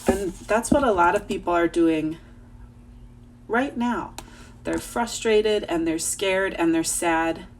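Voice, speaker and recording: Gentle teacher talking slowly to young children. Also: female voice, on the low side, a little hiss or hum. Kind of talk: reading aloud and talking to children. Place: home.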